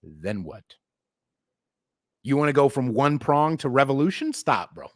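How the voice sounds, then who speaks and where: A man's voice: medium pitch, measured pace, dry recording, clean studio sound. A middle-aged man hosting a podcast, ranting about politics with profanity and sarcasm, now and then mocking others in put-on voices. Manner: animated, sarcastic, mocks others in put-on voices, swears a lot. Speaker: podcast host.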